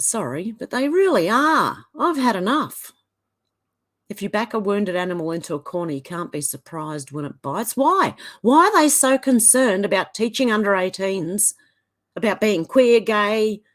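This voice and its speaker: A woman with an Australian accent, giving casual commentary and reading posts aloud. She sounds indignant and sarcastic. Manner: indignant and sarcastic, quick swings in pitch. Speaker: commentary vlogger.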